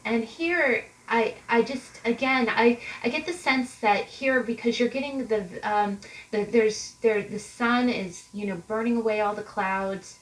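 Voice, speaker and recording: A woman's voice: on the high side, measured pace, poor audio. A woman giving a casual tarot reading straight to her viewers, rambling and conversational with lots of fillers and restarts. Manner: rambling and conversational, many fillers and repeated starts; speaks directly to viewers. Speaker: tarot card reader.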